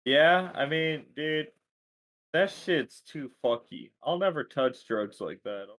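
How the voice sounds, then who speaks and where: A man's voice: fairly high pitch, expressive, slow, fairly bright tone. A young man co-hosting a podcast, throwing in crude jokes during casual chat. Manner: joking, crude banter. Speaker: podcast co-host.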